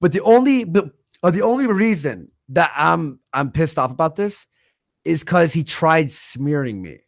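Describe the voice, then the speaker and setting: Profane, animated male livestream host. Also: on the high side, vocal fry, no echo, studio quality. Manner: animated, profane, quick to rant. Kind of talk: casual livestream chat.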